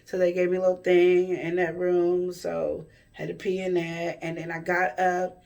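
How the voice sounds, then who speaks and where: Woman vlogging, gravelly vocal fry, rambles and corrects herself as she tells a story. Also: fairly low pitch, moderate pace, distant mic. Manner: rambling, self-correcting, animated retelling. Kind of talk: casual storytelling to camera.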